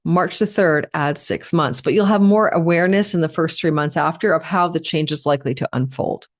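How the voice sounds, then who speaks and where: A woman's voice: sits low, a little fast. A woman from Canada giving an astrology forecast in a chatty way, piling up lists of words and dropping in asides.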